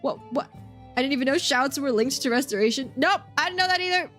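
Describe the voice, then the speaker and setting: A woman's voice: high-pitched, expressive, fast, a bit bright. A young woman streaming from home, chatting with her viewers in a bubbly way and laughing often. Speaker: game streamer. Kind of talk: casual chat with stream viewers. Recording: faint background music.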